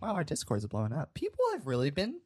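A man's voice: fairly high pitch, wildly swooping pitch, fast, a little mellow. A man co-hosting a podcast, chatting with enthusiasm. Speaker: podcast co-host. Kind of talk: casual chat.

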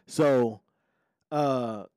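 A man of about forty hosts a podcast, telling a personal story in a laid-back, blunt, profane style and often asking "you know what I'm saying." His mid-range voice is extremely slow, darkish and clean, recorded on a podcast mic with studio quality and no room sound.

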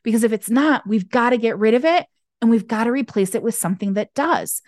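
A woman guest talking candidly in an interview over a video call, expressive and acting out the voices she quotes. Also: on the high side, a little fast, dry recording, clean studio sound. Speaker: podcast guest, intuitive business owner. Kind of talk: candid conversational interview talk.

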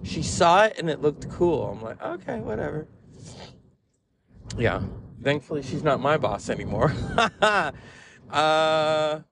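Animated man rambling through stories. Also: a little high, a little slow, noisy background. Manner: animated, rambling storytelling with frequent laughs. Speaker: podcast host. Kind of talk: casual rambling monologue.

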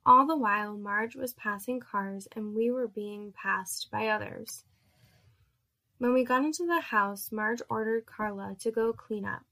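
Woman with a gravelly narrating voice. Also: a little high, measured pace, pushed and bright. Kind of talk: scripted erotic story narration.

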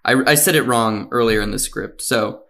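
A man hosting a podcast, telling a story from a script in a relaxed, casual way with many fillers. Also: medium pitch, normal speed, gravelly. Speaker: podcast host.

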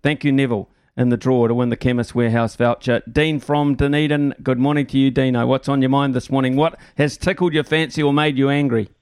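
A New man hosts talkback radio, taking callers in a loose, chatty way full of fillers. His voice is smooth and resonant. The studio sound is close and dry. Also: medium pitch, fairly quick, hardly any pauses, dry recording. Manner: relaxed, chatty, frequent fillers.

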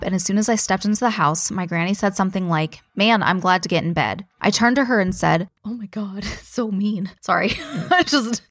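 A woman hosting a podcast, reading a listener's ghost story aloud in a casual, animated way, with swearing and laughing asides. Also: fairly low pitch, dry recording. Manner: animated reader who breaks off to laugh and comment, swears casually.

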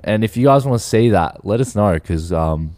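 A man's voice: on the low side, lively intonation, moderate pace, dark tone. A young Australian man co-hosting a podcast, crude and jokey in casual chat with mates. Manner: crude, joking, swears a lot. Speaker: podcast co-host.

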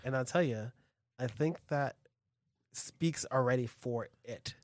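A co-host in a casual tasting chat, enthusiastic and quick to laugh. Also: medium pitch, no echo, clean studio sound. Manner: animated, giggly, enthusiastic. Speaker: co-host reviewing tequila.

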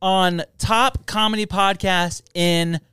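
A man's voice: sits high, takes it slowly, smooth, dry recording, studio quality. A man co-hosting a casual comedy podcast, telling stories with lots of energy. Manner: animated storyteller, yells voices in bits. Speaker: podcast co-host.

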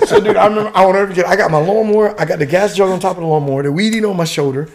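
A man from the United States spins an old army tale at a rapid clip, peppering it with dude, bro and swearing. His voice sits a little high for a man, and he laughs often as he talks. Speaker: guest, retired Army warrant officer. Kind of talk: casual storytelling.

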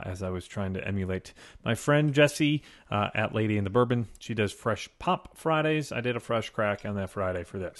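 Low-ish guy cohosting a podcast, jokey and rambly, desk mic. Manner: joking, rambling, laughs often. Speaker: podcast co-host. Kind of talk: casual chat. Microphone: desk microphone.

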